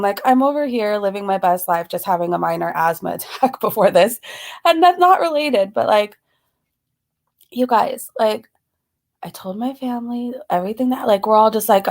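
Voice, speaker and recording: A woman's voice: mid-range voice, expressive, normal speed, darkish tone. A woman hosting a casual live stream. She is slightly out of breath, greets viewers by name and laughs between phrases.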